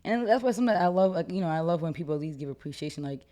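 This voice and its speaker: Young woman podcast co-host, low mellow voice, quick, opinionated, casual slang. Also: expressive. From United States. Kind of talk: casual chat.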